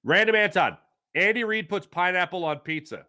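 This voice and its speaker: With a high, bright and forceful voice that stays expressive at a moderate pace, a man runs an informal live sports chat. He reads what viewers have written and riffs on it in playful, opinionated rants, leaning heavily on fillers like um and uh.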